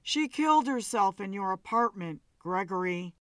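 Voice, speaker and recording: A woman reading a story aloud voices Kerr, a grave, uneasy older man who breaks bad news reluctantly, dropping her voice somewhat lower. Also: lively intonation, moderate pace, dry recording, lightly acted.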